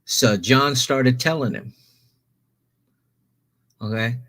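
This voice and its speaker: A man's voice: medium pitch, slow, a bit bright. A man hosting a stream, telling a long story casually, rambling with many restarts and self-corrections.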